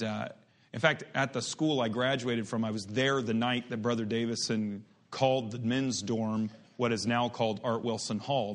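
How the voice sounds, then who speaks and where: A middle-aged man preaching a sermon, reading scripture slowly with rising emphasis, then turning quieter and reflective. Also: medium pitch. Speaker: pastor.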